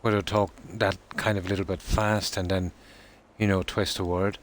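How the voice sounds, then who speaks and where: An Irish man chatting casually on a live stream, reading out and answering viewer comments in a relaxed, talkative way. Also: sits low, moderate pace. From Ireland.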